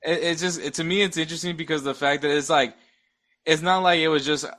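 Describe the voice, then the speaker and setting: A man's voice: on the high side, fairly even intonation, fast, a bit bright. A young man in casual sports chat as a podcast guest, stammering, restarting his sentences and chuckling between points.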